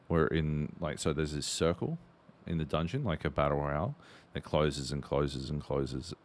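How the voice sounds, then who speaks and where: A man co-hosting a podcast in casual chat, telling a rambling story with plenty of swearing. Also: low-pitched. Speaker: podcast co-host.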